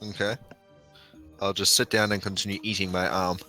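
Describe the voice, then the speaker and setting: A man's voice: low-pitched, flat delivery, normal speed, pushed and bright, soft background music. A man playing a tabletop game, making dry understated remarks. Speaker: player. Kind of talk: casual tabletop play.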